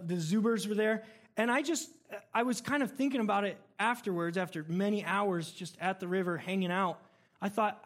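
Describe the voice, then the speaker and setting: A man in his thirties preaches to his congregation with a noticeably high voice. He talks casually and tells stories with animation, easing his points in with humor rather than thundering. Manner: conversational, animated storytelling with laughs. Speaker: pastor. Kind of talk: sermon.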